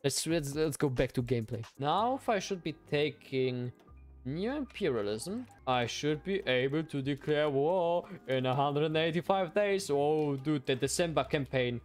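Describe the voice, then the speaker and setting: A young man giving casual, profane gameplay commentary as a streamer, excitable and quick to outbursts. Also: fairly high pitch, soft background music. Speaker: gaming streamer.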